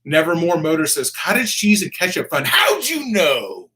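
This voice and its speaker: A young man doing a laid-back live stream, reading out donations and comments. He swears freely, calls everyone dude, and breaks into excited bursts. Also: a little high, noisy background. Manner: bursts of excitement and quick laughs. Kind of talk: casual live-stream chat.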